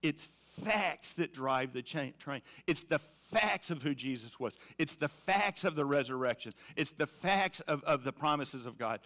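A man's voice: on the high side, expressive, unhurried, few pauses, fairly bright tone. A man preaching a sermon in a conversational, emphatic way, often repeating phrases. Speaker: pastor.

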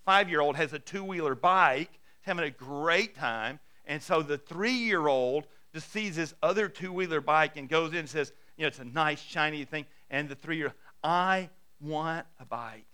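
A man's voice: on the high side, normal speed, hardly any pauses, pushed and bright, clean tone. A man preaching a sermon in a conversational storytelling way, acting out quotes and asking his listeners questions. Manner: asks the congregation questions. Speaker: pastor.

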